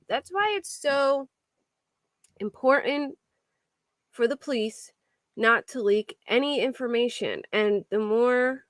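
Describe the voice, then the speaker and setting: A woman's voice: sits high, slow, pauses often, no echo, studio quality. A woman hosting a true crime livestream, chatting casually with viewers in a rambling way, full of restarts. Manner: rambling, restarts and filler words. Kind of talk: casual chat reacting to viewer comments.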